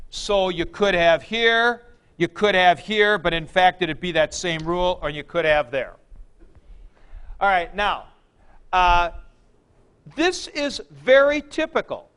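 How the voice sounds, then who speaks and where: A man's voice: high voice, a bit bright, clear, resonant tone. A man teaching a grammar lecture, explaining step by step with folksy comparisons and frequent check-ins. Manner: plain-spoken, folksy comparisons, checks in with listeners. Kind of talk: classroom lecture.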